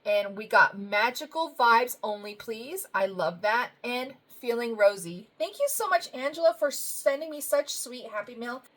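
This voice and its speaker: A woman with a fairly high voice chats through her happy mail like a budgeting vlogger talking to friends. She gushes over every card, thanks each sender warmly, and laughs softly as she goes. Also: expressive, a little slow, few pauses. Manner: gushing, effusive, lots of thank-yous and soft laughs. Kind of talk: casual vlog, opening happy mail.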